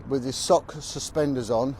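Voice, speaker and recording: A man's voice: mid-range voice, normal speed, a little mellow, slight background noise. A man who is a former police officer, telling stories bluntly and with emphasis as he walks down a city street. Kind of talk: walking vlog monologue.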